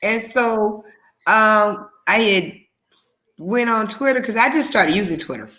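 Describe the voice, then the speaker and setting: A woman's voice: mid-range voice, animated, a little slow, pushed and bright. A woman chatting casually on a video call, rambling and laughing easily.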